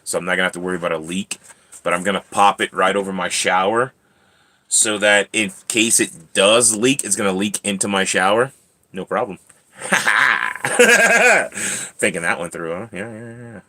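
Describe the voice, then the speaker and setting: A man's voice: deep voice, steady tone, brisk, pushed and bright. A man hosting a casual livestream from home, chatting and teasing while he talks to his cat and clips its nails. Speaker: channel host.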